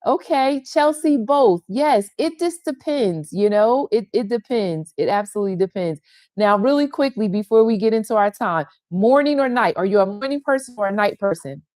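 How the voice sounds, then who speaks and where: A woman's voice: medium pitch, animated, normal speed, a little mellow, no room sound, clean studio sound. A middle-aged woman hosting an online faith gathering from her sun porch, effusively greeting viewers by name in casual chat over a video call.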